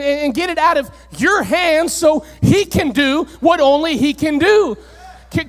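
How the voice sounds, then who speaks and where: A male pastor preaching a sermon in a church, animated and rising to near-shouts on key points. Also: very high voice. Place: church sanctuary, on stage. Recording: church hall reverb.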